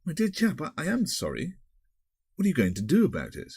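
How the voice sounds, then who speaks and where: A man's voice: fairly high pitch, huge pitch swings, brisk, a little mellow, slightly rough, no echo, studio quality, voice pushed up, exaggerated voice. A man voicing a nervous, polite young male schoolmaster who stammers and hesitates, in a raised voice. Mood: concerned.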